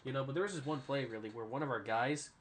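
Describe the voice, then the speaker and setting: A man's voice: medium pitch, fast talker, slight background noise. A man hosting a casual sports podcast, rambling through stories, often adding "all right?" and swearing freely. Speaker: podcast host.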